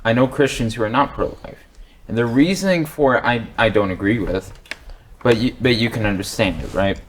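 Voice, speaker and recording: A man's voice: mid-range voice, fairly quick, slight background noise. Hesitant Southern man, panel guest. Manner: hesitant, thoughtful, restarts often. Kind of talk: casual panel discussion.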